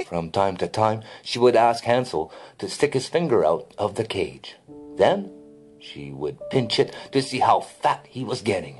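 A man reading a classic fairy tale aloud in an expressive storybook narration. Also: on the low side, a little slow, faint music behind.

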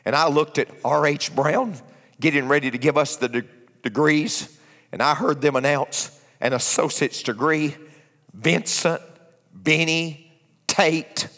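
A man preaching a sermon, swinging from hushed asides to shouted lines. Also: fairly high pitch, a little slow. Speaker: pastor. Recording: echoey church hall.

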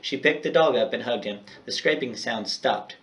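A man's voice: medium pitch, normal speed, recorded from a distance. A male teacher with a mid-range voice reads a children's chapter book aloud to his class. He then goes over homework, speaking directly and encouragingly to his students.

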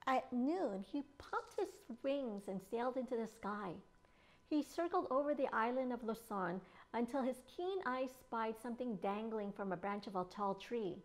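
A children's librarian reads a picture book aloud for young listeners, with a slightly high voice. Her delivery is expressive and playful, and she adds lively sound effects as she reads. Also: normal speed. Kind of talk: storybook read-aloud for children.

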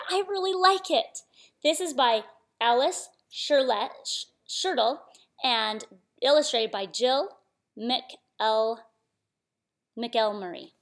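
Woman doing kids storytime, reads a picture book, high bouncy sing-song voice, asks the little ones questions. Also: animated, slow, a bit bright. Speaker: storyteller, channel host. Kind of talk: reading a picture book aloud to young children.

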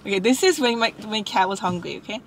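A woman's voice: mid-range voice, expressive, quick pace, over loud music, rough recording. A woman from Canada, a mother and vlogger, chatting playfully and teasing back inside a car. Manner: playful, giggly, argumentative. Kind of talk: casual chat.

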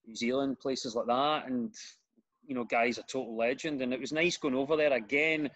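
A middle-aged Glaswegian man, a comedian and radio host, chatting as a podcast guest and telling animated stories with lots of restarts. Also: medium pitch, normal speed. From Scotland. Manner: animated storyteller, repeats words when starting sentences. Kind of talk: casual interview chat.

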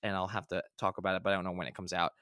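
A man with a bright, forward voice co-hosts a podcast in loose, rambling chat. He backtracks and corrects himself often but stays eager. The sound is close and dry. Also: low-pitched, flat delivery, very fast, clean tone, no room sound. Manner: rambling, self-correcting, enthusiastic. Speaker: podcast co-host. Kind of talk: casual chat.

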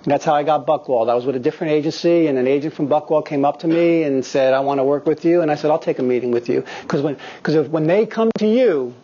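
A man's voice: on the high side, fast talker, few pauses, husky. A man in his fifties, a guest actor telling candid, profane stories to acting students in a studio. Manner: profane, animated storyteller. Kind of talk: candid anecdotal talk. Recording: slightly dull lo-fi recording.

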